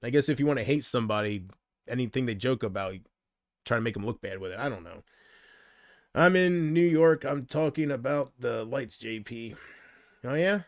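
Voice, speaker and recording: A man's voice: mid-range voice, expressive, moderate pace, no room sound, studio quality. Rambling man chatting on a livestream. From United States. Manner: rambling, unsure, drifting between thoughts. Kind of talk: casual livestream chat reading viewer comments.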